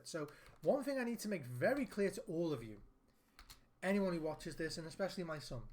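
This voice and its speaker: A man, a father and gaming video host, speaking earnestly and heartfelt to the camera, repeating his points for emphasis. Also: high voice. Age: adult, father of a young son.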